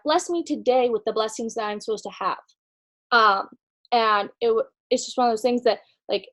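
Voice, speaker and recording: A woman's voice: on the high side, low-quality recording. A woman retelling a faith story in a chatty way, with lots of ums and likes, acting out the dialogue as she goes. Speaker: speaker sharing conference notes.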